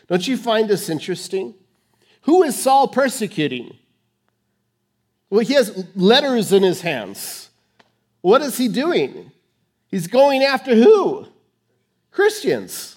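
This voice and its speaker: Fervent preacher swinging hushed to loud. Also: male voice, high-pitched, huge pitch swings. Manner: dramatic swings from hushed to loud, emphatic repetition; fast rushed delivery, slowing for key phrases. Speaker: pastor. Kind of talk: sermon with personal testimony. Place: stage under lights before a congregation.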